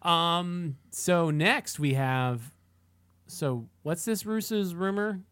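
A man co-hosting a podcast, chatting casually in a halting way, often repeating and restarting words. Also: on the high side, a bit bright, smooth, no room sound. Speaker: podcast co-host. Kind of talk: casual chat.

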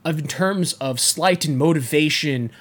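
A young man co-hosting a casual movie chat, talking haltingly and restarting his sentences. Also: on the high side. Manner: halting, repeats words, stammering restarts. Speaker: podcast co-host.

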